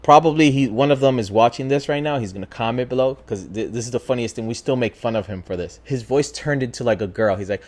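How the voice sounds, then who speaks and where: A man at middle pitch tells a spooky tale in a casual talk show. His voice rises and falls a lot as he acts things out. He talks loosely, with plenty of swearing. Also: fairly quick, hardly any pauses. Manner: animated, profane, acts out voices in his story. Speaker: podcast host. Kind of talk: casual storytelling.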